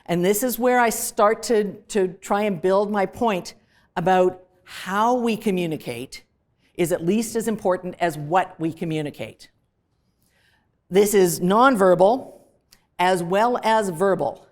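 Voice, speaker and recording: A woman's voice: mid-range voice, measured pace. Emphatic Canadian woman lecturing. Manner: lively and emphatic, plays with stressed words. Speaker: professor. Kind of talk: lecture to a class. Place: classroom.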